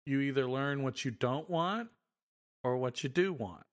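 A man talking in a relaxed podcast chat, reflective and easygoing. He mostly agrees and then adds thoughtful points of his own. His voice sits in a plain middle range. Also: mid-range voice, a little slow. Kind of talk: casual chat.

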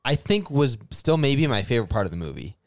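Lively-pitched man in easygoing chat. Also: fairly quick, no echo, studio quality. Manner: hesitant starts, agreeable. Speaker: podcast co-host. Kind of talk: casual chat.

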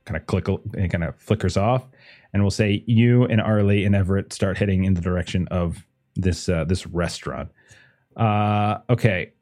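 A man narrating as game master of a tabletop game in a relaxed way, with plenty of fillers. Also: low voice, moderate pace.

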